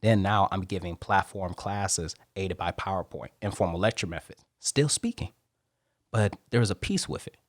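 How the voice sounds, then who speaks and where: A man, a Marine, telling stories as a guest on a podcast interview in an animated way. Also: low voice, dry recording, clean studio sound. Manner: animated, rapid storytelling.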